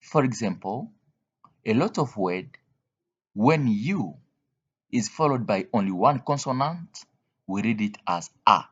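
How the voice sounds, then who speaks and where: A man with a lowish, slightly rough voice and lively intonation teaches English pronunciation, slowly and deliberately reading word lists one word at a time and explaining spelling rules. The lo-fi recording sounds dull.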